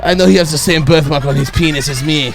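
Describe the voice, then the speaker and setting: A man's voice: on the high side, quick pace, creaky, music in the background. A man playing a disfigured evil Russian villain with a put-on Russian accent, swearing and pleading. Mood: furious. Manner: shouting, swearing, desperate pleading.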